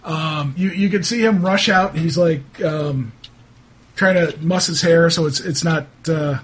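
Game master, man, husky tone, halting narration. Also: fairly high pitch. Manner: halting, filler-heavy.

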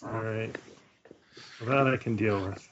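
A male tabletop player speaks very slowly and in a measured, wry way. The recording is muffled. A faint noise sits behind his voice. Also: lowish voice, steady tone. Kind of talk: casual game talk.

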